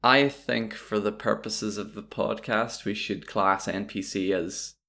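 Male podcast co-host, low gravelly voice, dry and terse. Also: steady tone, a little slow, bright, forceful tone. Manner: dry, wry, terse quips. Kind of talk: casual podcast chat.

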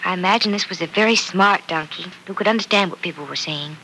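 A woman's voice: on the low side, quick pace, sharp tone, a little hiss or hum, rough recording. A young woman playing a kind bride-to-be who patiently reads a fairy tale to a little girl, in 1940s radio-play acting. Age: young adult. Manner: patient, reading a story aloud.

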